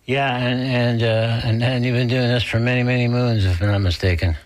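A man's voice: medium pitch, fairly even intonation, fairly quick. A male radio talk show host who speaks in an easygoing way, with many fillers. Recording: music playing behind.

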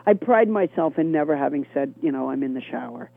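Gravelly deep-voiced comedian woman on phone. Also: lively intonation, a little fast, no room sound. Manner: wry, rambling, self-deprecating. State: chronic cough. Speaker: comedian guest. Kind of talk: phone interview chat. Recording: tinny phone line.

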